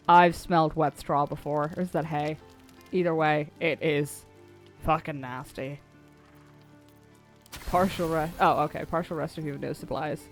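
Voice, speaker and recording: A woman's voice: deep voice, fairly even intonation, unhurried, pauses often. A woman streaming a video game, chatting casually, swearing and laughing easily. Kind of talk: casual gameplay commentary. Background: faint game music.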